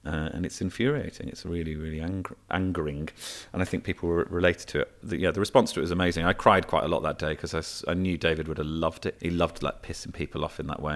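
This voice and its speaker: A man, a comedian, chatting casually and telling animated anecdotes with frequent fillers and restarts. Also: a bass voice. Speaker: comedian guest. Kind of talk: casual chat, storytelling.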